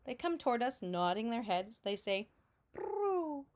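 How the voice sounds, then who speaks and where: A woman teacher reading a picture book aloud to children in a slow, clear storytelling manner, making sound effects with her voice between lines. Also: medium pitch. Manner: adds vocal sound effects between narration.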